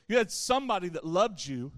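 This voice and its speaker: A man with a notably high voice preaches to a youth audience in an easy, conversational way. He throws playful asides at the listeners between points, and his voice sounds dry and close to the mic. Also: big pitch swings, brisk, dry recording. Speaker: youth pastor. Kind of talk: sermon.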